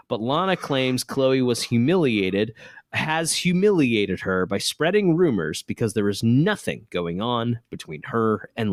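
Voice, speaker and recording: A man's voice: mid-range voice, no room sound, studio quality. A man co-hosting a podcast, recapping a TV episode in casual chat with a joking manner. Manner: lively, jokey, laughs often. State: hiccuping.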